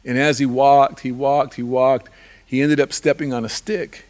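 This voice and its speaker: A man's voice: mid-range voice, flat delivery, moderate pace, a little mellow. A man telling a traditional animal story live, in a repetitive rhythmic way with restarts. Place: live fundraiser event.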